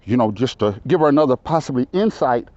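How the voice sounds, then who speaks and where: A man in his fifties telling a long story in casual conversation, talking loud and rambling, often asking "you know what I'm saying". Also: mid-range voice, lively intonation, fast talker. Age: 50s. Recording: dull lo-fi recording.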